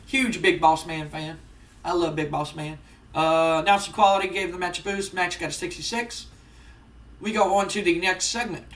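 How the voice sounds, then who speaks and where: A man's voice: sits high, steady tone, a bit bright, recorded from a distance. A man casually recapping results and storylines while playing a wrestling management game. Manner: casual recapping, quick, chatty. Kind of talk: casual let's-play commentary. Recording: roomy, off-mic.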